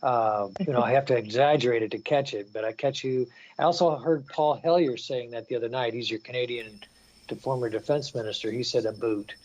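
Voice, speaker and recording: Midwestern guy on a podcast, easygoing and teasing, mid-pitched. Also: fairly quick, darkish tone. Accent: general Midwestern American. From St. Louis, USA. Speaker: podcast guest.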